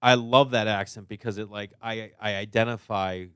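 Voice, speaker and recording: A man with a Boston accent, a stand-up comic chatting casually as a podcast guest, animated and swearing freely. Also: on the low side, normal speed, clean tone, no room sound. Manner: animated storyteller, swears, lots of "you know what I mean".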